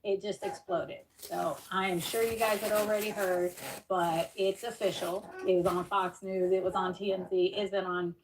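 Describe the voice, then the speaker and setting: A woman's voice: medium pitch, little pitch movement, moderate pace, background noise. Chatty woman, slightly distant mic. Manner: chatty and rambling, many fillers. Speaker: criminal defense attorney, commentator. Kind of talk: casual commentary on a news story.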